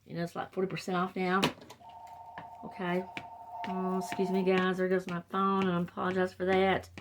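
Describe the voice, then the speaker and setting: A woman's voice: lowish voice, monotone, normal speed, background noise. An older woman with a Southern US accent, chatting casually and rambling through a wreath-making tutorial. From the Carolinas, US. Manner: chatty, rambling, trails off and restarts. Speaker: wreath crafter. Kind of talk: casual crafting tutorial chat.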